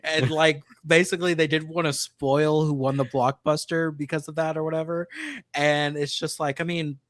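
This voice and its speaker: A man co-hosting a podcast, rambling through a story with halting restarts. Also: on the high side, little pitch movement, fairly bright tone, no echo, studio quality. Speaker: podcast co-host. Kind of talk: casual podcast chat.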